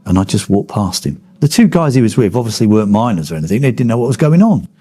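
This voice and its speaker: A man's voice: fairly low pitch, big pitch swings, fast talker, dark tone, slightly rough. A man, a former miner giving a blunt oral history interview, swearing freely as he tells his stories. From Kent, England.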